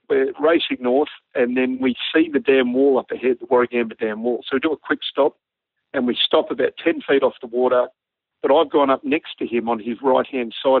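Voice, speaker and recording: A man with an Australian accent, a former army pilot, telling a lively anecdote and acting out the dialogue. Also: mid-range voice, dry recording. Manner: animated yarn-spinning, acts out quoted dialogue. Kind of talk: storytelling anecdote on radio. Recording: narrow phone-like radio line, dry.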